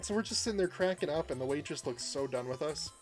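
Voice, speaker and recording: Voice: mid-range voice, lively intonation, fast, soft background music. A game streamer chatting casually and rambling through a story, laughing often and greeting viewers by name. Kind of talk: casual livestream chat while gaming.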